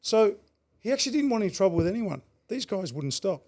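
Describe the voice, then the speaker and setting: A man's voice: high-pitched, big pitch swings, fast talker, a little mellow. A middle-aged Australian man telling road stories in a casual chat, blunt and swearing freely. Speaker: guest. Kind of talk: casual storytelling.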